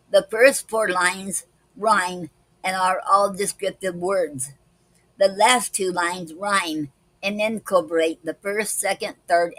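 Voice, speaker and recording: Slow, careful woman reading poetry. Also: on the low side, fairly bright tone, no echo, rough recording. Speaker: poetry club host. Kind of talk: reading poems and a word lesson on a livestream.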